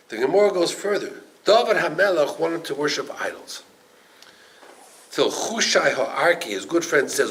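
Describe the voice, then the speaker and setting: A man's voice: a little high, normal speed, a little hiss or hum, low-quality recording. An older man, a rabbi, teaching a Torah class, telling stories and acting out the voices in them, with Hebrew and Yiddish terms mixed in. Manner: animated storytelling, acts out quoted voices.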